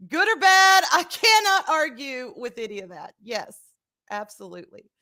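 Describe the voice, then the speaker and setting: A woman talking casually on her own live stream. She is candid and rambling, swears freely, and swings between soft, quiet stretches and loud bursts as she reads viewer comments aloud. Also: high voice, very animated, normal speed. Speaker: livestream host.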